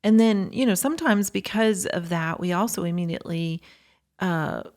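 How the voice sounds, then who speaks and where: A woman's voice: fairly low pitch, normal speed, darkish tone. A woman co-hosting a podcast, reflecting in casual talk and quoting what people tend to say. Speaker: podcast co-host.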